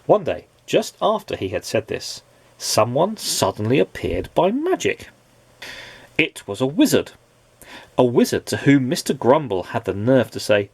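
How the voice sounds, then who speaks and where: A man reading a children's storybook aloud as a dad, in an expressive storytelling way. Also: medium pitch, measured pace, creaky, slightly rough, no room sound.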